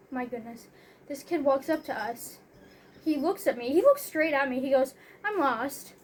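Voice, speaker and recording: A young woman with a high, light voice tells a personal story in a loose, rambling way. Her talk is packed with "like", "you know" and "um" as she goes. A faint hiss sits under her voice. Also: unhurried, darkish tone. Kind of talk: casual storytelling.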